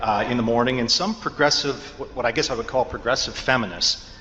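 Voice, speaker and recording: A male reporter posing a long, measured question at a press conference. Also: mid-range voice, a bit bright, slight background noise. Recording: reverberant, dull archive audio.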